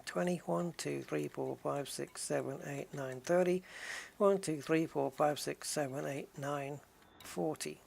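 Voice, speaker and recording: A casual game streamer talking through play live, thinking aloud and tallying things up as they go. The delivery is chatty and relaxed, with quick restarts and asides to viewers. The pitch sits in the middle of the range. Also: creaky. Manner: thinks aloud, counts items and chats with viewers. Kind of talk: live gameplay commentary.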